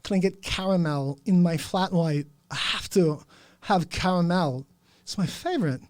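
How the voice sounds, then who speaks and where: A fussy, eccentric older man, as a man puts him on orders coffee with strange pauses and slow, halting phrasing. The voice is pitched a bit higher than usual and sounds close and dry. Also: no room sound, natural voice. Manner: halting, oddly paced delivery.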